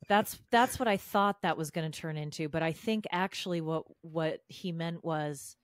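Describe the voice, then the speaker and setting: Female podcast co-host, lower register, lively gossipy recap delivery, dry studio sound. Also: moderate pace, hardly any pauses, no room sound. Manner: animated, chatty, quotes people in put-on voices. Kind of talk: casual recap chat.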